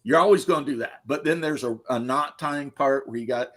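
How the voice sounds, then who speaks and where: A man's voice: medium pitch, a little fast, fairly bright tone. A middle-aged man, a podcast host, giving his opinions in a blunt, crude, casual chat and laughing at his own stories.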